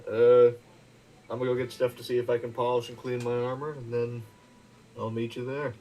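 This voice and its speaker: A man's voice: medium pitch, little pitch movement, brisk, dark tone, a little hiss or hum, rough recording. A man playing a tabletop game in casual chat, stammering and laughing often. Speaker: player.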